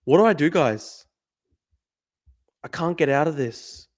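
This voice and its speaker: A young Australian man streaming live, thinking out loud as he plays a guessing game, swearing often and talking to his chat. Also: a little high, expressive, unhurried. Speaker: livestreamer. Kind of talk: casual live-stream commentary.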